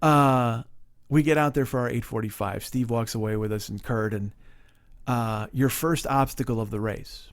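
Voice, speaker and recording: A man's voice: mid-range voice, normal speed. A middle-aged man hosting a podcast, telling a comic story with lots of swearing and acting out the people he quotes. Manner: animated, acts out people he quotes, swears freely. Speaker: podcast host. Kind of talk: comedic storytelling chat.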